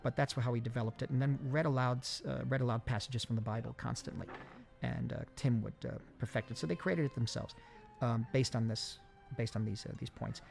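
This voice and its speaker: A man recording a film commentary, speaking in a halting way with many fillers and restarts. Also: medium pitch, creaky, darkish tone. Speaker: film director giving commentary.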